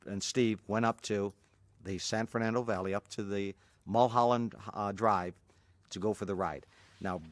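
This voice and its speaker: An older man who teaches martial arts tells an anecdote during an interview, animatedly acting out the voices of the people in his story. His voice is lowish, with no room sound.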